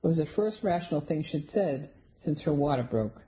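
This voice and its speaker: Lady reading a cozy mystery audiobook, low voice, soft warm tone, wry and even. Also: moderate pace, low-quality recording. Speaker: audiobook narrator. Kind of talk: first-person audiobook narration.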